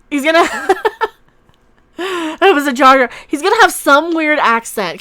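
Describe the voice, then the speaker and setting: A woman with a slightly high voice hosts a casual livestream. She talks in a sarcastic, mocking way and laughs often. She jumps between loud outbursts and low mutters. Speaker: YouTube channel host.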